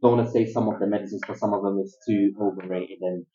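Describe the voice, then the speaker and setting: Mellow man, off-mic in a roomy space. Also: lowish voice, fairly even intonation, fast, recorded from a distance, slight background noise. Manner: easygoing, prompting questions. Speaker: podcast host. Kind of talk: casual chat. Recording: dull, roomy, off-mic recording.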